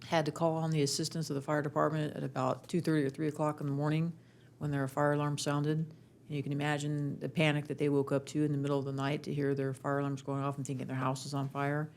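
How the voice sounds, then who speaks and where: A council member speaks in a chatty, personal way, with a gravelly edge and little rise and fall. Faint noise sits behind the voice. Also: medium pitch. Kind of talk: council meeting remarks.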